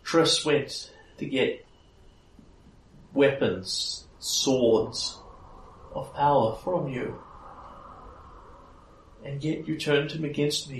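A man's voice: on the high side, slight background noise, voice pushed up. A man voicing a sorrowful, regal fae queen who speaks solemnly and pleads. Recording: echoey room, mic at a distance.

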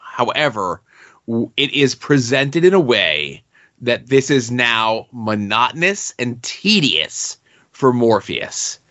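A man co-hosting a podcast, discussing a comic book issue in a measured, analytical way. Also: medium pitch, big pitch swings, pushed and bright, muffled recording. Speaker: podcast co-host.

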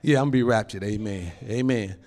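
A male pastor preaching a sermon in an animated, folksy way, laughing often and calling out to the congregation. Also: fairly low pitch, fast. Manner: folksy informal phrasing.

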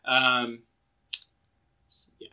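A young man co-hosting a podcast, chatting casually and animatedly, acting out quotes and saying "like" a lot. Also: very slow. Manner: animated, acts out quoted voices, filler-heavy. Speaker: podcast co-host.

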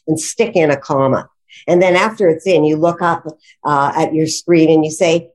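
A woman's voice: deep voice, moderate pace, a little mellow. A woman who teaches writing and grammar, explaining rules with enthusiasm in a conversational interview, often laughing. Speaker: grammar and writing instructor, guest.

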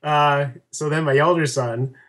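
A middle-aged man, a guest on an interview show, telling a personal story in a lively, laughing way and acting out what others said. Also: a little high, measured pace, a little hiss or hum. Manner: animated, laughing storyteller who acts out quotes. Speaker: podcast guest.

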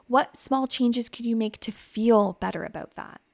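A woman who hosts a psychotherapy podcast, guiding listeners through reflective questions in a gentle, advising way. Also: on the high side, lively intonation, unhurried, creaky, dry recording. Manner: reflective, asks many questions.

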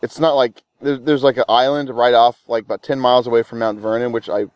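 A man's voice: mid-range voice, flat delivery, brisk, a little mellow, dry recording, highs cut off. A man co-hosting a casual podcast chat, blunt and swearing freely. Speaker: podcast co-host.

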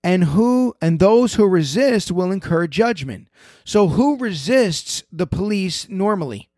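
A man, apparently a pastor, giving emphatic religious commentary, reading scripture aloud and teaching through quick questions. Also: high-pitched, expressive, a little mellow, no echo, studio quality.

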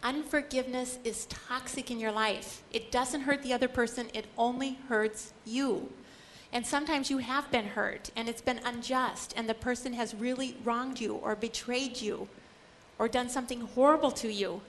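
A middle-aged woman gives an earnest, emphatic Catholic lecture on scripture, acting out the quoted lines. Her voice is a little high and fairly bright, with fairly even intonation at normal speed, and slight background noise is audible.

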